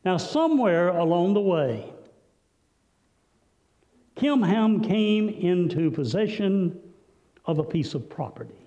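A male preacher delivering a sermon, telling a story with dramatic swings between loud, high passages and hushed, low ones. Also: expressive, slow pace, pauses often. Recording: dull, lo-fi recording with long hall reverb.

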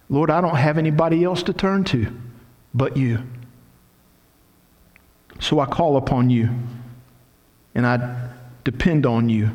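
A man's voice: fairly high pitch, a little mellow. A middle-aged man pastor giving a sermon, acting out quoted prayers with dramatic emphasis. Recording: long hall reverb.

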